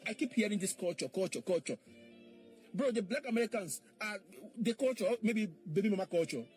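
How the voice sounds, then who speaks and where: A man's voice: sits high, lively intonation, brisk, a little mellow, faint music behind. A man in a played clip, mockingly repeating questions in an argumentative monologue.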